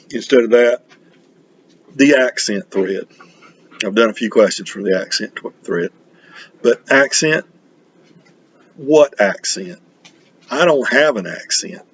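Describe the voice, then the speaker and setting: A middle-aged man from North Carolina, chatting casually on his record vlog in a halting, rambling way full of restarts. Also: lowish voice, vocal fry, highs cut off, a little hiss or hum. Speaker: record collecting vlogger. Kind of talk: casual chat.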